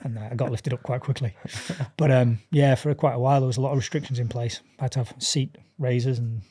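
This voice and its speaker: Husky man telling a lively story. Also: medium pitch, fast. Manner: animated storyteller acting out dialogue, laughing often. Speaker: podcast guest. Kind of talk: casual chat.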